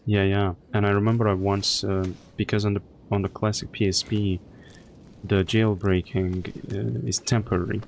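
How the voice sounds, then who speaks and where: A man's voice: lowish voice, level tone, moderate pace, vocal fry, a little hiss or hum. A man chatting casually on a live stream, crude and profane as he rambles through anecdotes.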